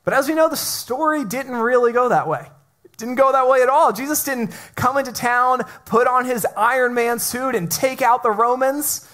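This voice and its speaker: A man's voice: very high-pitched, normal speed, a bit bright. A male pastor preaching a sermon in a conversational way, with playful asides and frequent restarts. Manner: often repeats the first word of a phrase.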